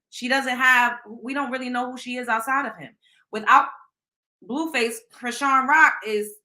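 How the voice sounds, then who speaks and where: A woman with a Southern US drawl runs a casual live stream, her voice pitched a little high and ringing bright. She is blunt and emphatic, keeps turning to her viewers to ask what they think, and leans hard on slang. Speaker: host.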